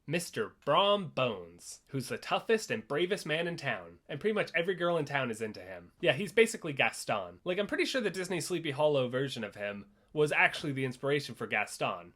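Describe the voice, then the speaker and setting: A young man giving sarcastic, animated commentary in a comedic play review. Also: mid-range voice, fairly quick, few pauses. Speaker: theater reviewer.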